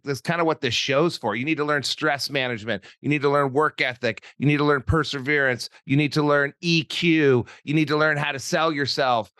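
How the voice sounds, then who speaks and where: A podcast host who rambles through stories and teases his guest with jokes. His voice sits in a middle pitch and is recorded close and dry, with no echo around it. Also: fairly bright tone. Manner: joking, rambling, teasing. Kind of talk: casual interview chat.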